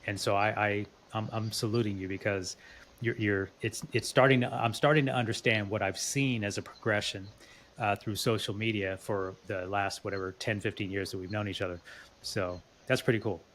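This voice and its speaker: A low-pitched man hosts a podcast interview in an earnest, casual way, often restarting his phrases. A faint noise sits under his voice. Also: fairly even intonation, moderate pace, a bit bright. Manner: earnest, repeats words when restarting. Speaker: podcast host.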